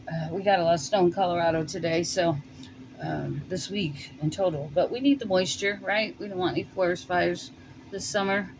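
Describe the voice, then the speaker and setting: Winded and warm after shoveling, a New York–accented tarot reader talks through a casual reading from her Colorado home. She speaks at a normal speed in a fairly low voice, thinking out loud and leaning on fillers, while noise fills the background.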